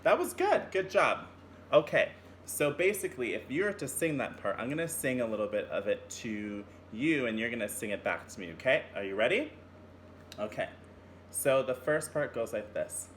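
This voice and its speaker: A man's voice: medium pitch, animated, moderate pace, a little hiss or hum. A man teaching a children's music lesson, singing examples and cheering the class on. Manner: encouraging, singing examples and call-and-response.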